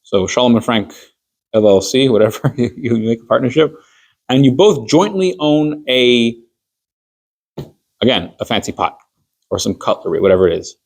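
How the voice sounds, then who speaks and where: A male rabbi gives an easygoing class in a mid-range voice, neither high nor low. He spins everyday hypothetical stories, slipping into quoted dialogue to act out little scenes, with relaxed fillers along the way. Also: moderate pace, long pauses. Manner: conversational, walks through hypothetical stories with fillers. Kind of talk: informal Jewish law class.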